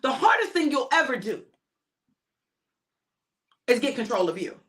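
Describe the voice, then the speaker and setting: An older woman preaches in an informal sermon, her high voice swinging widely up and down. She is emphatic and repetitive and keeps calling out to her listeners. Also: very animated, normal speed, fairly bright tone.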